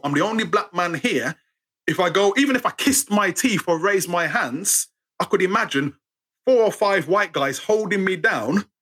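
British guy telling stories, husky voice, super lively, does little voices for people. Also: fairly high pitch. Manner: expressive, acts out voices, sarcastic wit. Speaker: guest storyteller. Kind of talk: animated storytelling interview.

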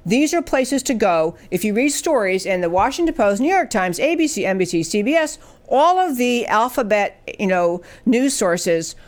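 A woman's voice: fairly high pitch, big pitch swings, normal speed. Emphatic woman hosting political commentary. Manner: emphatic, rhetorical questions. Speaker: talk show host.

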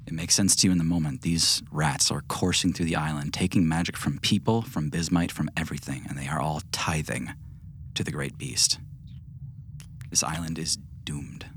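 A man narrating a tabletop game as game master in a hushed, dramatic manner that often drops to a whisper. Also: very deep voice, brisk, husky. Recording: music bed underneath.

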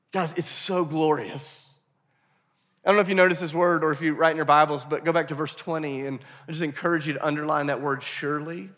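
Man, pastor, sermon, playful asides, higher voice, reverberant church hall. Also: fairly quick. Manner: animated, playful asides to the congregation.

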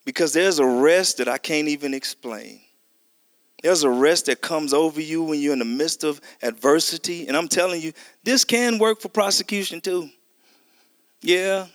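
With a voice on the high side, a middle-aged preacher shares a testimony, telling the story with animation and acting out what people said. He's conversational and says y'all to his listeners, and the audio is studio quality with no echo.

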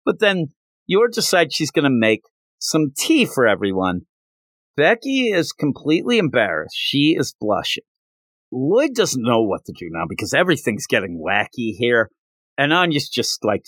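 Animated man rambling through a manga recap. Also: medium pitch, a little slow, dry recording. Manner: rambling, animated storytelling with fillers. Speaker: podcast host.

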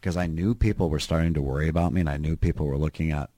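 Very deep-voiced middle-aged man, dry sound. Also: steady tone, rapid-fire, warm tone, no echo. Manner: candid storytelling. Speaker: guest. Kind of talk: casual chat.

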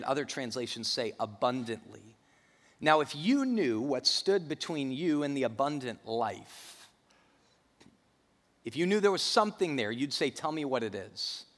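A man's voice: mid-range voice, fairly bright tone. Emphatic male pastor preaching in a hall. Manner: emphatic, repeats key phrases. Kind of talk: sermon.

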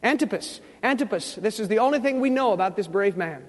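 A pastor with a high, animated voice preaches fairly quickly in a room with a big, open sound. He tells a Bible story, acts out what its characters say, and now and then puts questions to his congregation.

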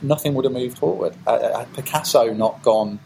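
A man's voice: medium pitch, normal speed, vocal fry, a little hiss or hum, poor audio. A man, a podcast guest talking casually and acting out quoted reactions in playful voices. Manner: animated, acts out quoted reactions with jokey voices. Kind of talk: casual conversational interview.

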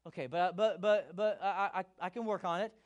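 A man's voice: high voice, normal speed, muffled recording, close to an everyday voice. A man voicing an exasperated apostle who haggles and bargains over forgiveness with comic disbelief. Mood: grudging.

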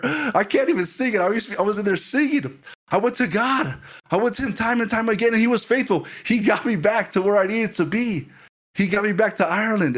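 A male pastor preaching a fervent sermon, often repeating himself and asking the listeners if they are still with him. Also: high voice.

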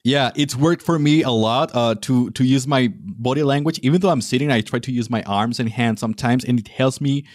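A man's voice: mid-range voice, brisk, hardly any pauses, a little mellow, no room sound, studio quality. A man hosting a podcast interview, talking casually and thinking aloud, often restarting his sentences. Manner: hesitant, many fillers and restarts. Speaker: podcast host.

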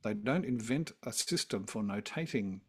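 A man guesting as a music scholar, explaining at length in a fairly low voice. He talks like a lecturer caught up in his subject, eager and fired up. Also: lively intonation, moderate pace, a bit bright, husky. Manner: enthusiastic, lecturing. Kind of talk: explanatory conversation.

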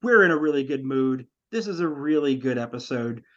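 A man's voice: mid-range voice, lively intonation, brisk, muffled recording. A man co-hosting a podcast, chatting casually about a movie and retelling scenes with laughter. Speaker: podcast co-host.

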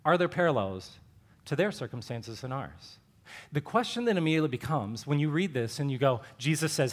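A man preaching as a pastor in a church, animated, acting out dialogue with rising emphasis. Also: mid-range voice, brisk. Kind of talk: sermon.

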